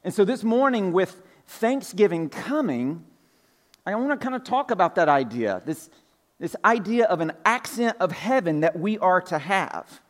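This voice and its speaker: A man's voice: sits high, big pitch swings, normal speed, in a large hall. A man in his forties from Georgia with a light Southern accent, preaching a conversational, folksy sermon to his congregation. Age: 40s. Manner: conversational, folksy, with fillers and asides. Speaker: pastor. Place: church sanctuary.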